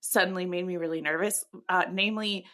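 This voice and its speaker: A woman's voice: fairly low pitch, steady tone, bright, forceful tone. A woman from Minnesota co-hosting a podcast, chatting in a giggly, playful way. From Minnesota, USA. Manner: giggly, playful, quick asides. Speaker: podcast co-host. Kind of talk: casual chat.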